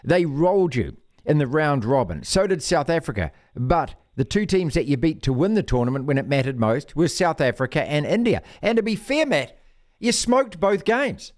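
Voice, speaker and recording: A male radio sports host chatting in a lively, teasing manner. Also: a little high, normal speed. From New Zealand. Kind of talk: casual sports chat.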